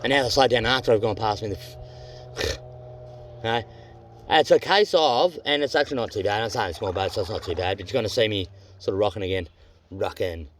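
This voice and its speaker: A man's voice: fairly low pitch, fairly quick, long pauses, a little hiss or hum. A man with an Australian accent chatting casually while paddling a canoe on a river, blunt and rambling, swearing freely. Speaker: vlogger on a canoe trip. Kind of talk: casual vlog chat.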